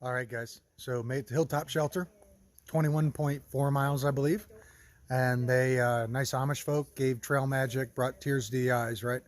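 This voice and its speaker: A man hiking a long trail, talking casually and warmly to his camera outdoors, upbeat and easily moved. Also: mid-range voice, steady tone, normal speed, dry recording. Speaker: long-distance hiker vlogger.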